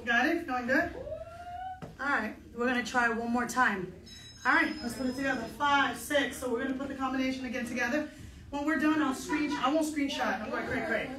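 A woman's voice: high voice, a little fast, echoey room, a crowd in the background. Upbeat woman teaching step, counting beats. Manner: upbeat and encouraging, counts aloud. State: a little out of breath. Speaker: step dance instructor. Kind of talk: online dance lesson, counting out beats. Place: dance studio.

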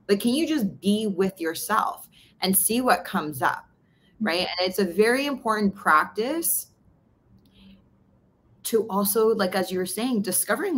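A woman's voice: medium pitch, a little hiss or hum. A woman podcast host from Canada, candidly telling a personal story in a casual interview. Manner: candid, storytelling, animated retelling of dialogue.

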